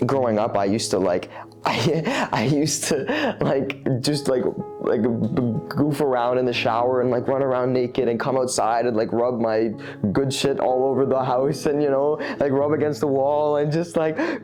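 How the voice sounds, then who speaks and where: A man's voice: mid-range voice, darkish tone. Man, candid interviewee; rambling, thoughtful delivery with restarts, faint music bed. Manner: rambling, reflective, with frequent fillers and restarts.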